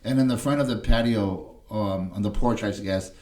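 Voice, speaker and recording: A man's voice: fairly low pitch, normal speed, a little mellow. A man telling an emotional personal story as a podcast guest, rambling and blunt, often tagging "right?" onto his sentences. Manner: swearing, blunt.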